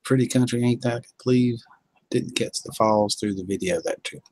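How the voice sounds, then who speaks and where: A man's voice: medium pitch, moderate pace, darkish tone, no room sound, rough recording. A man from North Carolina with a Southern accent, hosting a casual live-stream chat in a folksy, drawling way and reading viewers' comments aloud.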